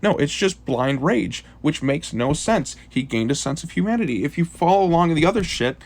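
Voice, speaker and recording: A man's voice: fairly high pitch, expressive, moderate pace. Frustrated man ranting a comic review. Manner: frustrated, swears often, many "like" fillers.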